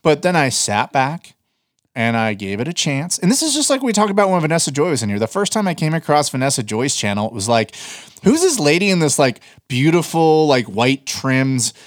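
A man co-hosting a casual podcast, talking in an animated, blunt way and swearing freely. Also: medium pitch, fairly quick, dry recording, clean studio sound. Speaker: podcast co-host.

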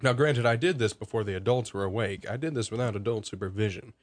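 A man's voice: fairly low pitch, fast. An eighteen-year-old man from Alabama, a podcast guest telling stories casually, self-mocking and rambling. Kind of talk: casual storytelling.

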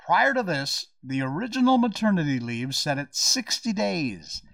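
Podcast host, American man, wry and animated, stretches words for effect, voice on the higher side. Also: normal speed, gravelly. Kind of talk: casual podcast commentary. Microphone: podcast mic.

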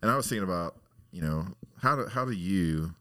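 A man's voice: deep voice, animated, fairly quick, fairly bright tone. A man hosting a podcast in casual chat, easygoing and prompting his guests with questions. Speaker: podcast host.

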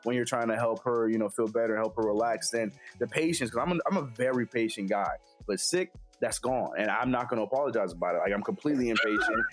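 A man's voice: medium pitch, fast, faint music behind. A man and father chatting casually, candid and blunt, stringing his thoughts together in long runs. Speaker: podcast co-host, father. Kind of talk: casual chat.

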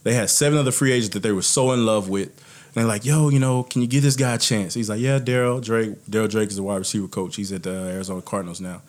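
This guest is a former pro football player from the United States with a lowish voice and a quick pace. Chatting casually about his own life, he tells it with animation and acts out others' words.

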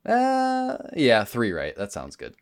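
A man's voice: medium pitch, wildly swooping pitch, takes it slowly, smooth. A man hosting a podcast in casual chat, running a quiz with playful banter.

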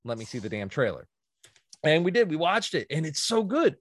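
Man, podcast host, casual chat, animated storyteller, very lively pitch. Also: brisk, no room sound, clean studio sound. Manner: animated storyteller, acts out quotes.

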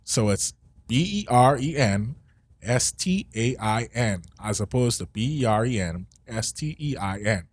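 A laid-back man presenting topics on a casual podcast, his voice husky and a little rough. The sound is dry and close, with no room around it. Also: medium pitch, lively intonation, measured pace, no room sound. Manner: laid-back, explains and spells words out.

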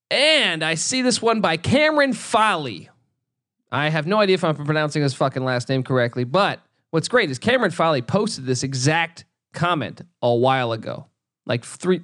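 A fired-up man hosts a solo sports podcast, swearing freely and repeating himself for emphasis. His voice sits a bit higher than most men's and sounds close and dry, with no room echo. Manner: profane, excitable, repeats his own phrases. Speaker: podcast host.

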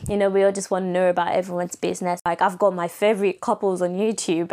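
A woman's voice: level tone, brisk, a little mellow. A young woman hosting a casual solo podcast, chatting with an American-leaning accent and laughing often. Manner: chatty, laughs often, acts out quoted people in higher voices. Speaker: podcast host.

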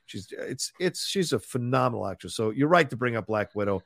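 Podcast co-host, man, rambling casual talker, gravelly and dry. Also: mid-range voice, expressive, fairly quick, fairly bright tone, no echo. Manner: rambling, reads viewer comments aloud. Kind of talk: casual live film chat.

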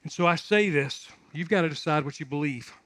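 A man's voice: a little high, fairly quick, fairly bright tone. A male pastor preaching a sermon, moving from conversational storytelling to emphatic, repetitive exhortation.

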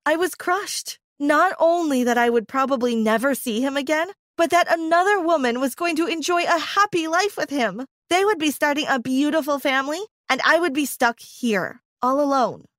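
A woman's voice: high voice, lively intonation, normal speed, hardly any pauses, a bit bright, no echo. A woman narrating a dramatic first-person story, emotional and acting out her own lines with big swings.

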